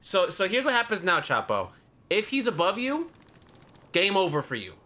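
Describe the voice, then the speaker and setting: High, lively young man trash-talking. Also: moderate pace. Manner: profane trash-talking, barks repeated warnings at the player. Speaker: gaming YouTuber. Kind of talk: casual spectating commentary.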